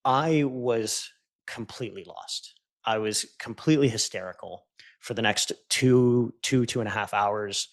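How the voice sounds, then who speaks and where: A man with a somewhat low voice tells a deeply personal story as a podcast guest. He speaks with earnest intensity and sinks to a hushed, low tone whenever he repeats words that were spoken to him. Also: unhurried. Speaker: podcast guest, entrepreneur and coach. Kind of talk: emotional personal storytelling in conversation.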